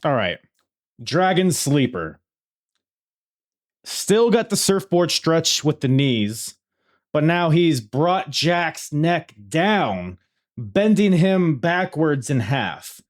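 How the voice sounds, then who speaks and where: A man hosting a casual wrestling review podcast, talking excitedly, laughing and swearing as he tells the story. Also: a little high, slow pace. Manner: excitable, swears freely, laughs while telling. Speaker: podcast host.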